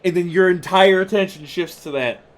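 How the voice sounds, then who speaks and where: A man streaming a game, talking casually and profanely, venting in an animated way with loud mock outbursts. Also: sits high, normal speed. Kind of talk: casual gaming stream commentary.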